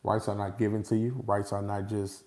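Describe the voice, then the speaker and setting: A man talking casually and without a script to his followers, animated and repetitive, often breaking into laughter. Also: on the low side, normal speed. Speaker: vlogger addressing his followers. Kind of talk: casual unscripted monologue.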